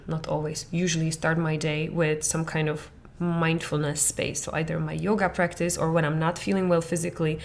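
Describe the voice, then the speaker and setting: A woman hosting a parenting coaching podcast, talking in an animated monologue that swings between soft near-whispers and excited laughing bursts. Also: low-pitched.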